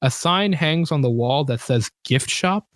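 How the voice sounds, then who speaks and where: A man's voice: a little high, lively intonation, measured pace, no echo, studio quality. A man narrating a tabletop game as game master, casual and rambling, with many fillers and self-corrections.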